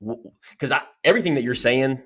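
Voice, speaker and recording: A man's voice: mid-range voice, fairly quick, husky. A man hosting a podcast, asking questions in a loose, rambling way full of restarts. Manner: rambling, lots of restarts and fillers. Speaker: podcast host. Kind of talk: casual interview chat.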